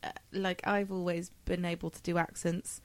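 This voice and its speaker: A woman co-hosting a casual chat, animated and laughing, often slipping into impressions. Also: lowish voice, normal speed, no room sound.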